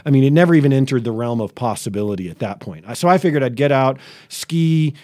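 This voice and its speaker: A man's voice: medium pitch, expressive, fast talker, dark tone, no echo. A man in his forties from New England, a pastor telling his story in an interview with witty, self-deprecating, wordy humor. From New England, USA. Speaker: pastor, podcast guest.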